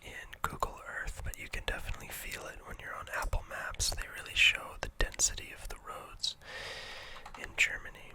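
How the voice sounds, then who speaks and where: A host with a Canadian accent whispering softly through a relaxed ASMR map tour, gently hesitant. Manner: soft, unhurried, gently hesitant with fillers.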